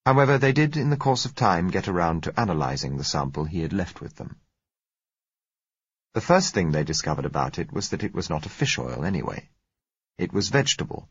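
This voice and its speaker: A man narrating a novel aloud in a measured, even storytelling manner. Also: low voice, husky, no echo. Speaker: audiobook narrator. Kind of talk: scripted narration. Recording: dry, slightly dull recording.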